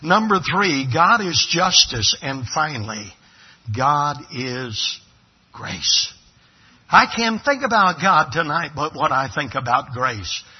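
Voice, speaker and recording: A man's voice: a little high, sing-song, slow pace, husky, highs cut off. A man from Brooklyn preaching a sermon, dramatic and emphatic, acting out little scenes. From Brooklyn, New York. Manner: emphatic, dramatic pulpit delivery with acted-out dialogue.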